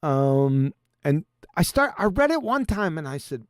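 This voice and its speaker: A man hosting a casual livestream, with a high, smooth voice that sits close to the mic. He reads text aloud and adds chuckling, sarcastic asides. The sound is dry, with no room echo. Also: very animated, measured pace.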